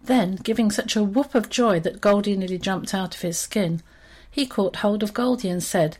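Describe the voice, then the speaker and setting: A woman reading a children's story aloud in an expressive, steady storytelling manner. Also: mid-range voice, normal speed, few pauses.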